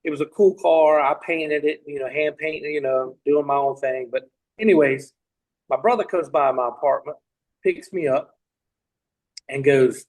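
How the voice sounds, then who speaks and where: A middle-aged Tennessee man, guesting on a podcast, rambles through a long anecdote full of restarts and asides in casual storytelling. His voice is a bit high and slightly mellow, at a moderate pace, on a rough recording.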